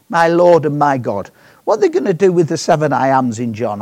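A man's voice: fairly high pitch, wildly swooping pitch, brisk, a little mellow, no echo. A man preaching a sermon in a chatty, joking way, often asking the congregation questions.

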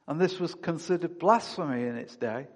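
A man's voice: on the high side, normal speed, darkish tone, long reverb tail. A man preaching a sermon, reading scripture aloud and then speaking with rising emphasis.

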